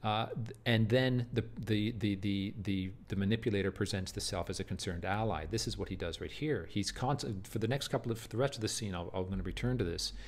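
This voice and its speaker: A man's voice: fairly low pitch, fairly quick, hardly any pauses. A man teaching a play in a video lecture, earnest and emphatic, often repeating words and checking "do you see?". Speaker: literature teacher.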